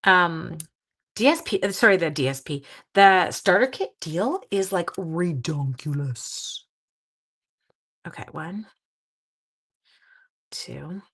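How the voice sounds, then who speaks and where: A woman in her forties talks with her livestream audience from what seems to be her home craft room, where she hosts crafting sessions. Her fairly low, creaky voice is expressive and fairly bright, slow and full of pauses, and her chat is casual and enthusiastic. The recording quality is low.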